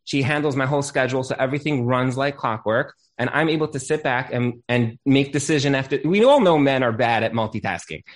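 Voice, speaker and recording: A man's voice: medium pitch, brisk, few pauses. A man, a rabbi and accountant, giving relationship advice in casual conversation, telling stories and acting out quoted lines. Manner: animated storyteller, acts out quoted lines; Hebrew blessings dropped into talk.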